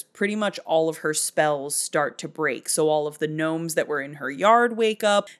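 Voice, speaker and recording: A woman casually recapping a movie in a chatty, wry, comic way. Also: low voice.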